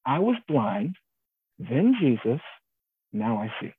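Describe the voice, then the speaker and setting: A man's voice: mid-range voice, sing-song, slow. A man voicing a plain-spoken formerly blind man who insists on what happened to him. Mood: earnest. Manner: earnest, insistent, bewildered. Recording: tinny phone-like sound, faint hiss.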